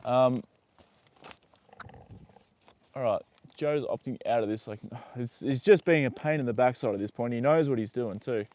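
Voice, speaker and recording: Speaking a little fast in a medium-pitched, darkish voice with no echo, a man streams live while treating a horse's leg. He curses without restraint, mumbles to himself as he works, and talks to both the horse and the people watching.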